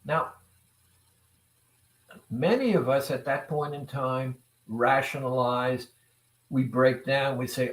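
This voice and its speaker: A man giving a motivational talk to viewers, speaking deliberately and repeating phrases, often putting questions to the audience. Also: medium pitch. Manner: deliberate, repetitive, asks the audience rhetorical questions. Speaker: self-improvement speaker. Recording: roomy echo.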